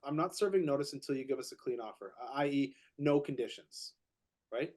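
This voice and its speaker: Animated man telling a real estate story. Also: mid-range voice, a little fast. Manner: animated, repeats words when excited, acts out quotes. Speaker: podcast co-host, real estate agent. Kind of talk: casual storytelling chat.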